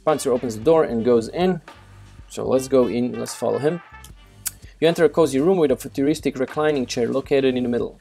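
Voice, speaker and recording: A man's voice: mid-range voice, brisk, vocal fry, dark tone, soft background music. A man casually walking through a text adventure game, reading out its text and thinking aloud with many fillers and self-corrections. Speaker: game developer doing a walkthrough. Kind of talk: casual gameplay walkthrough.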